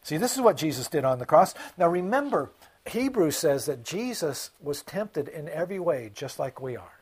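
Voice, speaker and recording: A man preaching a sermon, swinging from hushed, quiet passages to loud, impassioned ones. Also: a little high, sing-song, normal speed, breathy edge. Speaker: pastor.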